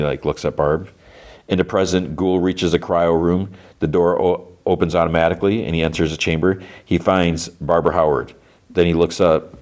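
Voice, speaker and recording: A man with a very deep, low-pitched voice recaps an episode on his podcast. He talks casually and loosely, often stopping to restart and dropping in "like" and "you know.". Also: darkish tone. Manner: rambling, hesitant, lots of "like" and "you know". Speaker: podcast host.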